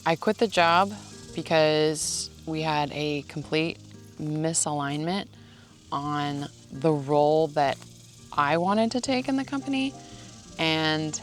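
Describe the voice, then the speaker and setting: Low-pitched woman vlogger, casual sarcastic monologue recorded outdoors. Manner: sarcastic, joking rant. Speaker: ranch vlogger. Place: outdoors in the shade.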